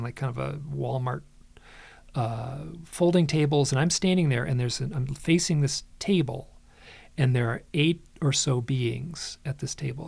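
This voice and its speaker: Gravelly man telling an animated story. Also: mid-range voice, no room sound. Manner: dramatic retelling, frequent restarts. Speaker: podcast guest, author.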